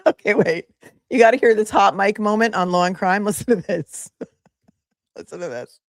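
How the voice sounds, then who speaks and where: A woman's voice: medium pitch, unhurried, dry recording, studio quality. A woman attorney hosting a live commentary stream, chatty and sassy, laughing often as she talks to viewers.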